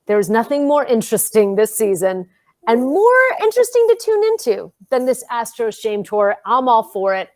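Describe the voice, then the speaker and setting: With a New York accent from Queens, this co-host and reporter tells stories with emphatic energy on a casual panel chat and opinion segment. Her mid-range voice is a little mellow, with no echo.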